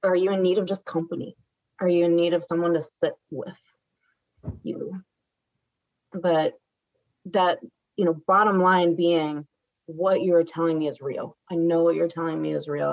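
A woman co-hosting a podcast, speaking gently and asking soft, supportive questions. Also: lowish voice, level tone, normal speed, vocal fry, pauses often, dry recording. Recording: dull, dry sound.

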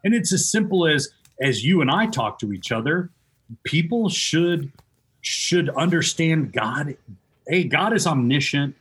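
A man's voice: fairly high pitch, animated, unhurried, a bit bright, slightly rough. A man who is a former baseball chaplain, talking about faith in an emphatic, preachy way and repeating key phrases. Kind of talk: casual faith chat.

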